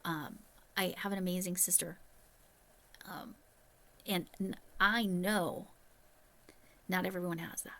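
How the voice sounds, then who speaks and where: Low, gravelly-voiced middle-aged woman vlogging. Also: steady tone, slow pace, long pauses, pushed and bright. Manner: candid and chatty, speaks straight to her viewers. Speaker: retired teacher turned crochet YouTuber. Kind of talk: casual vlog chat to camera.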